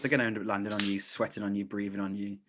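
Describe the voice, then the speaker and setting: A man's voice: lowish voice, level tone, rapid-fire, a crowd in the background. A man hosting a podcast in casual chat, rambling, often restarting his sentences and laughing. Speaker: podcast host.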